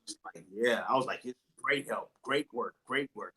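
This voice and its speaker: A man in an interview, retelling boxing stories in a casual, animated way and acting out what others said. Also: mid-range voice, normal speed, poor audio. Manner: animated, acts out quotes with voice jumps. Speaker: interview guest, retired boxer.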